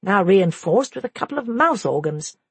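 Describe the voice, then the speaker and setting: A woman reading a history audiobook as narrator, in a measured, even scripted narration. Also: mid-range voice, breathy edge, no echo.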